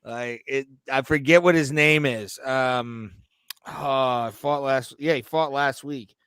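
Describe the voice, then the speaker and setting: A man's voice: mid-range voice, steady tone, takes it slowly, a bit bright, clear, resonant tone, no room sound, studio quality. A man co-hosting a podcast, chatting casually and profanely and laughing often. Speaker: podcast co-host. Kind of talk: casual chat.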